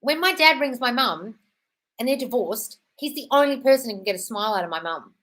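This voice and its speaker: A woman's voice: on the high side, animated, fairly quick, fairly bright tone, rough recording. A woman in her thirties hosting a live Q&A, reading viewer comments and answering in a blunt, sweary way, calling people "darling". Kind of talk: casual live Q&A chat.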